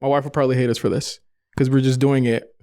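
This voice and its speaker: Smooth-voiced man co-hosting a podcast. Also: mid-range voice, flat delivery, quick pace, mellow, no echo, clean studio sound. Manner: loose, rambling, restarts phrases. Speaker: podcast co-host. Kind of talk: casual chat. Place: podcast studio.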